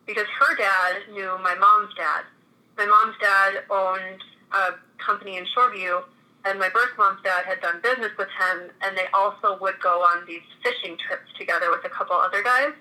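A woman's voice: mid-range voice, steady tone, normal speed, bright, forceful tone, low-quality recording. A woman in her thirties from Minnesota, telling her own story in a chatty way with many restarts. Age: 30s. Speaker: guest. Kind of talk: casual interview conversation.

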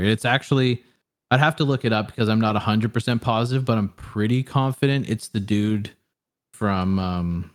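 Casual swearing young man, low voice. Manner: rambling, many fillers, frequent swearing. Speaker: podcast co-host reviewing a film. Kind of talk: casual chat.

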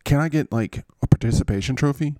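A man's voice: medium pitch, fast, warm tone, no echo, studio quality, voice pushed up, close to an everyday voice. A man playing a petulant adult quarterback who whines and sulks about being benched. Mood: sulky. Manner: whining, sulky, self-pitying.

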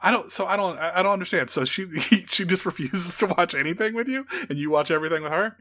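Bright-voiced, enthusiastic man. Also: high voice, fast, a little hiss or hum. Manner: enthusiastic, teasing, laughs easily. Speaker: podcast co-host. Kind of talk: casual film chat.

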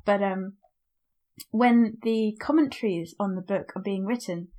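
This podcast co-host has a medium-pitched, dark-toned voice and an unhurried delivery. Her casual book-club talk about a book meanders, full of fillers and side remarks.

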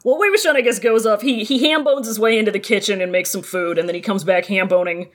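A woman's voice: medium pitch, fast talker. A woman co-hosting a casual chat, giggling often and reading quoted lines aloud as she retells a story. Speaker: podcast co-host recapping a story.

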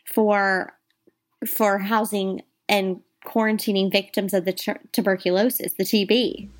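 A woman's voice: medium pitch, flat delivery, a little slow. A woman co-hosting a podcast, chatting casually as she tells ghost stories and talks straight to her listeners. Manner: chatty, addresses listeners as "you guys". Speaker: podcast co-host. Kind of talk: casual ghost-story chat.

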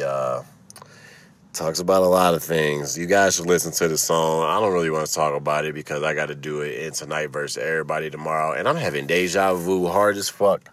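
A man's voice: a bass voice, steady tone, normal speed, fairly bright tone, no echo. A man hosting his own podcast alone in his car, delivering a profane, ranting comedic monologue into a phone. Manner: profane, ranting, swears constantly. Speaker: podcast host. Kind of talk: solo comedic podcast rant.

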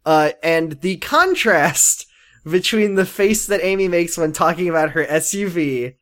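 A podcast co-host recapping a TV show in casual chat, giggly and quick to put on silly character voices. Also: mid-range voice, expressive, fairly bright tone.

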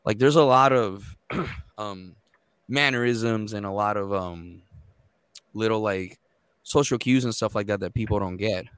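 Low-voiced man swearing casually in chat. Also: a little slow, smooth, dry recording. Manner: profane, animated storytelling. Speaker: court interpreter.

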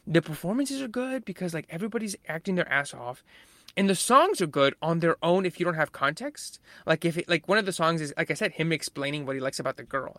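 A man with a bright, forceful voice recorded close and dry. He chats casually and animatedly about a film, swearing freely and slipping into the characters' lines as he retells scenes. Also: fairly high pitch, no room sound.

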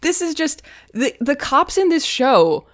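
Woman, podcast co-host, casual chat, sarcastic, lively pitch. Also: unhurried, dry recording, clean studio sound. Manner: jokey and sarcastic, laughs often. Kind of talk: casual chat recapping a TV episode.

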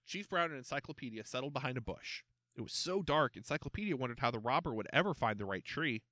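A man reads a storybook aloud in an animated, expressive way, his delivery lively and swooping. His voice sits at a medium pitch, bright and forward, and he moves at a quick pace. The recording is dry and close-miked, with no room echo.

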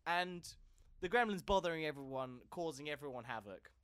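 A man co-hosting a comedy podcast, with a somewhat high voice for a man. He spins a rambling story, tripping over repeated words and breaking into laughter. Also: lively intonation, a little fast, fairly bright tone, smooth. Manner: stammering repetitions, frequent laughs. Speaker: podcast co-host.

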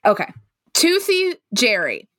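A woman playing a comedy podcast game, telling an absurd bit in an animated, giggly, profane way. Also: fairly high pitch, slow. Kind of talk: casual comedy podcast banter.

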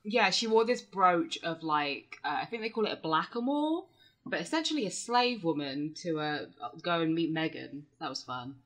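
A woman's voice: low voice, normal speed. A woman co-hosting a podcast, chatting sarcastically. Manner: sarcastic, animated. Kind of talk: casual chat.

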